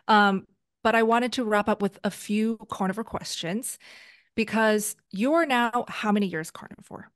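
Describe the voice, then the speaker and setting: A woman's voice: mid-range voice, normal speed, no echo, clean studio sound. A woman hosting an interview, gushing with praise in casual chat. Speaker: interview host.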